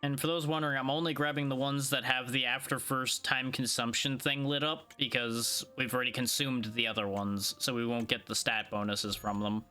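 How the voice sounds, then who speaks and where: A man's voice: mid-range voice, level tone, moderate pace, hardly any pauses, pushed and bright, smooth, faint music behind. A tired man streaming a video game, casually thinking aloud as he plays. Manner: laid-back, sleepy, thinking aloud. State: tired, yawning. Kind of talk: casual gameplay commentary.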